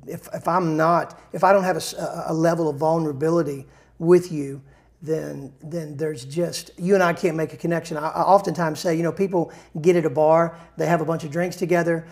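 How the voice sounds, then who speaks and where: Gravelly-voiced man telling rambling stories. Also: fairly high pitch, steady tone, fairly quick, a little mellow. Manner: rambling, frequent restarts and self-corrections; folksy, self-deprecating humor. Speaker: songwriter. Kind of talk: casual interview storytelling.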